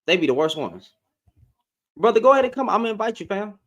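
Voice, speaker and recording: A man's voice: sits high, sing-song, fast, fairly bright tone. A man speaking, hosting a livestream in a heated, confrontational, slangy rant. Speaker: live-stream host.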